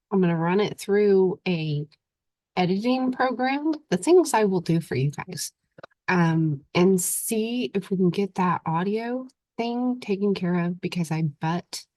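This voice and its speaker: A woman's voice: fairly low pitch, darkish tone, no echo. Stuffy-voiced woman with an Oklahoma accent. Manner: rambling, chatty, laughs often. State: stuffy, recovering from illness. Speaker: podcast host. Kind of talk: casual chat. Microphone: computer mic.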